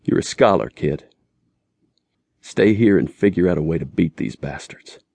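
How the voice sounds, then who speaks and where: A man voicing a grim, tender Marine father who speaks low and quietly, with a rough, plain drawl. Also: animated, moderate pace, dry recording, exaggerated voice. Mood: solemn.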